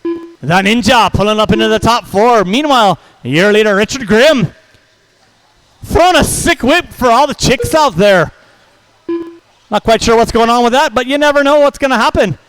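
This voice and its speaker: A man calling a hobby race over the track speakers, brisk and jokey, reeling off driver names in quick runs. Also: very high voice, a bit bright, clean tone, low-quality recording. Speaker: race announcer. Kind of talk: live race commentary.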